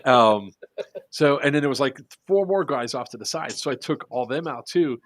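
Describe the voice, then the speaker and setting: A man telling a long story in casual podcast chat, acting out the quotes with lively voices and freely swearing. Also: mid-range voice, normal speed, no room sound. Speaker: airsoft podcast speaker.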